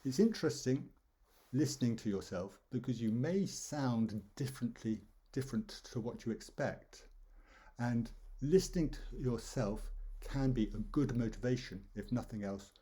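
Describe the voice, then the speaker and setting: A man teaching pronunciation over slides, explaining calmly and demonstrating stress and intonation with example phrases. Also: mid-range voice, normal speed, husky. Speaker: English teacher.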